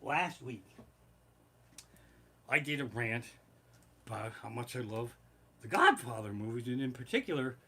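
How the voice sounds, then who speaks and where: A man doing comedic storytelling on a live stream from his living room, rambling, swearing freely and getting heated. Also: medium pitch. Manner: profane, rambling and animated. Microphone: basic home streaming setup.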